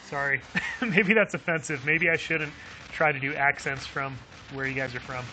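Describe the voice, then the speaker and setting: A man's voice: fairly high pitch, moderate pace, bright, forceful tone, faint music behind, rough recording. A man live-streaming a game who reads viewer chat aloud, chuckling often and talking in a friendly, chatty way.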